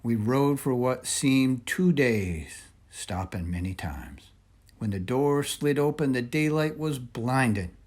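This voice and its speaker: Reading aloud from a children's storybook, a medium-pitched male reader keeps a measured, expressive delivery.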